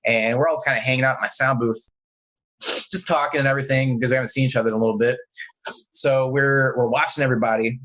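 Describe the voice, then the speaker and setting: Halting man starting a bar story. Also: mid-range voice, fairly even intonation, a bit bright, poor audio. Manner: hesitant, many restarts and fillers. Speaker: podcast co-host. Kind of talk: casual storytelling.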